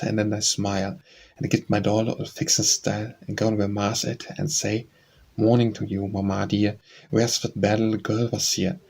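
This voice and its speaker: A man reads poetry for an audiobook in a slightly low, husky voice. His delivery is measured and even, with very little rise and fall in pitch. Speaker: audiobook reader. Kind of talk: poetry reading.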